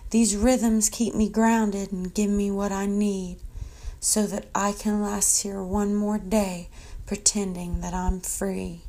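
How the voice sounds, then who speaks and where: A woman reciting a spoken-word poem with a slow, flat, despairing delivery. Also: medium pitch, poor audio.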